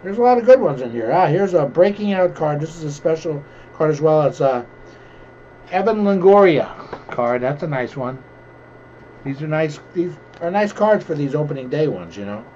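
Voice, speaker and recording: Middle-aged man, rambling casual commentary, fairly high voice, dull lo-fi home recording, faint hiss. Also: big pitch swings, moderate pace, warm tone. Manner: rambling, jokey asides. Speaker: host opening card packs.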